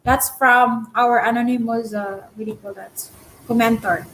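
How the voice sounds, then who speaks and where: Chatty Filipino-accented woman, high voice. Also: fairly even intonation, a bit bright, roomy sound, slight background noise, poor audio. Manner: chatty, halting, with many fillers. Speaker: vlogger reading viewer comments. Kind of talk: casual chat to camera.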